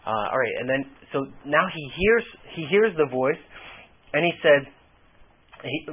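A man's voice: fairly high pitch, expressive, measured pace, pauses often, husky. A man preaching a sermon, reading scripture aloud and explaining it in an earnest, repetitive way. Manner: earnest, explanatory, repeats key phrases. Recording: tinny phone-like radio line.

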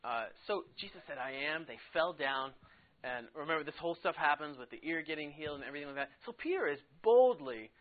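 Man, fairly high voice, Bible class teacher, chatty and laughing, classroom, phone-like thin sound. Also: expressive, quick pace. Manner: chatty, says "like" a lot, laughs easily. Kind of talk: casual Bible lesson to a class.

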